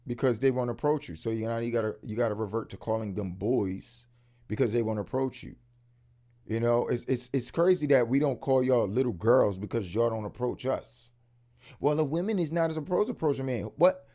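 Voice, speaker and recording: A man hosting a reaction commentary, talking in casual slang with profanity and swinging into loud emphatic outbursts. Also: mid-range voice, animated, brisk. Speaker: commentary host.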